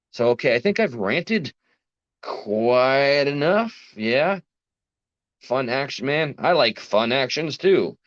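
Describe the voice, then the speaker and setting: A man's voice: on the low side, dry recording. A man with a New York accent, ranting earnestly and rambling to his live chat late at night, tired after a long workday. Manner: rambling, self-interrupting, earnest. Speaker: livestream host. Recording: dry, dull lo-fi sound.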